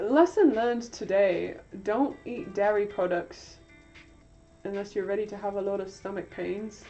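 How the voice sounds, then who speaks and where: A woman's voice: mid-range voice, warm tone. A tired young woman chatting on a livestream in a put-on British accent, rambling and self-mocking. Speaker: livestream host. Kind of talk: casual livestream chat. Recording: dull lo-fi sound, faint music behind.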